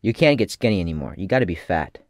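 A man's voice: low-pitched, quick pace, no room sound, clean studio sound. Profane rambling male vlogger. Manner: rambling, profane, deadpan asides. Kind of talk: casual comedic commentary.

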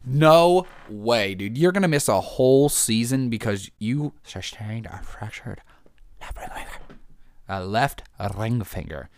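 A man's voice: medium pitch, lively intonation, unhurried, no echo. A man casually reading headlines aloud and reacting to them, joking and rambling, calling people "man" and "dude". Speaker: vlogger reacting to news.

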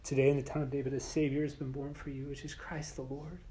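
A man teaching a Bible class in a relaxed, conversational way, getting animated and sometimes dropping to a whisper for emphasis. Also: medium pitch, fast talker.

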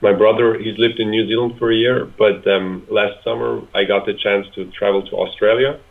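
A man's voice: fairly low pitch, little pitch movement, moderate pace, gravelly. A man in his twenties from Switzerland, a guest chatting casually in an interview, hesitant with many fillers and restarts. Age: 20s. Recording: tinny phone-like line.

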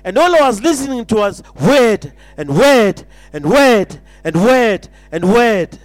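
A man's voice: high voice, very animated, slow pace, no room sound. A man preaching an impassioned sermon, repeating phrases and stumbling into restarts.

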